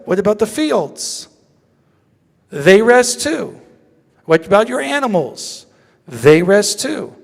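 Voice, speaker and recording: Rabbi with a slightly high voice in a reverberant hall. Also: male voice, creaky. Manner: asks the audience questions, joking and lively. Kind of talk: interactive teaching talk. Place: synagogue sanctuary. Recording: long reverb of a large hall.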